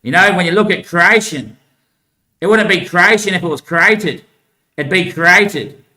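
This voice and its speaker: A man's voice: high-pitched, measured pace, sharp tone. A man talking in a long rambling monologue, laughing between thoughts. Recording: echoey room.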